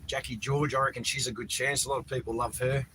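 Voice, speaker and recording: A man's voice: mid-range voice, flat delivery, fast talker, sharp tone, slight background noise, rough recording. Chatty man greeting his livestream viewers. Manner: chatty, reads out viewer names and greets them. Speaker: livestream host. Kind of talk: casual livestream chat reading comments. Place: outdoors in the cold.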